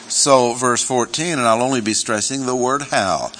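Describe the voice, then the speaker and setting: A man's voice: medium pitch, unhurried, fairly bright tone, slight background noise, rough recording. A man teaching through a Bible chapter in a sermon, reading verses aloud and stressing key words. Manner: reads scripture aloud, self-correcting asides. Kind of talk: expository sermon.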